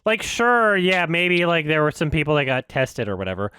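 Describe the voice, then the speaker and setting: A man hosting a reaction video, ranting in a heated, profane and sarcastic way. His pitch swings widely as he talks, and the recording is dry and close. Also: very animated, normal speed, sharp tone, clean tone, no echo. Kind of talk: ranting commentary.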